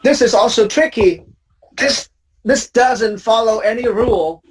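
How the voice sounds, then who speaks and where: A woman's voice: a little high, a little slow, low-quality recording. A woman teaching English pronunciation in a class drill, patiently correcting students and repeating each word as a model.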